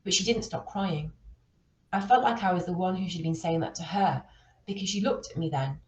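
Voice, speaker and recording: A woman reading a children's novel aloud, with steady, expressive storytelling. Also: lowish voice, brisk, reverberant, muffled recording. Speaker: reader.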